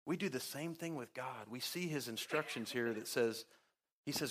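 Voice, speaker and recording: A man preaching a sermon as pastor, talking conversationally with sarcasm, his pitch and loudness jumping as he acts out quotes. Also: moderate pace. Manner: big swings in pitch and loudness.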